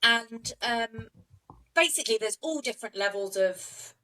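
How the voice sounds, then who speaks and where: A young woman hosting a podcast, retelling a true-crime case in an animated way and acting out the quotes. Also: fairly high pitch, a little slow, distant mic, poor audio. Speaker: podcast co-host.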